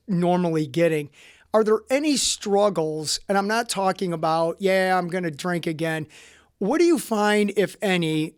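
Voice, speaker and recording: High-voiced, smooth-toned man hosting. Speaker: podcast host. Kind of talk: conversational interview.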